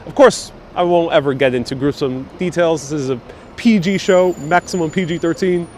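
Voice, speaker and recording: This bus tour guide, streaming live through the city, has a voice on the high side and talks at a normal speed. He keeps things casual, reading viewer comments out loud over faint noise from the street and traffic.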